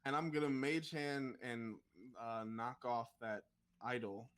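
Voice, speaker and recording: A man's voice: mid-range voice, measured pace, a bit bright, clear, resonant tone. Male player, mid voice, hesitant and filler-heavy. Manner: hesitant, many "um"s and restarts. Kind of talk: tabletop game chat.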